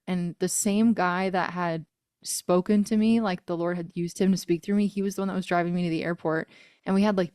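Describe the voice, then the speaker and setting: A woman's voice: lowish voice, clean tone, no echo, studio quality. A woman in her thirties, a singer-songwriter guest, telling a personal story in a casual interview, earnest and emotional, with frequent laughs and fillers.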